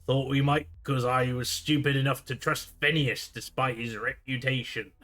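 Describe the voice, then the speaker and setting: A shifty, boastful space pirate marooned on a barren rock pleads and brags in gruff, wheedling, folksy tones, as a man reading game dialogue puts him on. The voice sits well above the reader's own, loud and sharp-edged. Faint game music plays underneath. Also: mid-range voice, steady tone, normal speed, voice pushed up, lightly acted. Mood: nostalgic.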